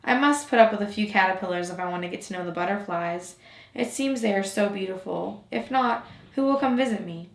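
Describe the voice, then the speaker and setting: A woman's voice: medium pitch, brisk, lightly acted. A woman voicing a proud, fragile female flower in a storybook reading, speaking tenderly and pleadingly. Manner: tender, pleading, gently scolding. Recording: roomy echo.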